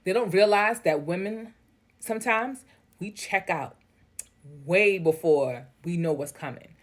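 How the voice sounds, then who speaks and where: A woman's voice: on the low side, unhurried. Blunt woman reading stories with commentary. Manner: blunt, candid, swears freely. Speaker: story reader and commentator. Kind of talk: reading online posts aloud with casual commentary.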